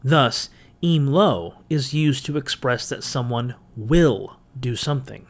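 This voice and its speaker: A man's voice: medium pitch, takes it slowly. Man giving a methodical Greek grammar lecture. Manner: methodical, explanatory, dry humor. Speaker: biblical studies channel host. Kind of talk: scripted lecture narration.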